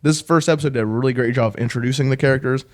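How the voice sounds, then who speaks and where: A man's voice: mid-range voice, fairly even intonation, rapid-fire. A man co-hosting a casual review podcast, animatedly retelling scenes. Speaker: podcast co-host.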